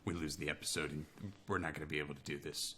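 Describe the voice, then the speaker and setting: A man's voice: very deep voice, level tone, fast, bright, forceful tone, a little hiss or hum. A man co-hosting a casual chat with his brother, swearing a lot and laughing as he talks. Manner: swearing, laughing, slipping into mock accents. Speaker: podcast co-host.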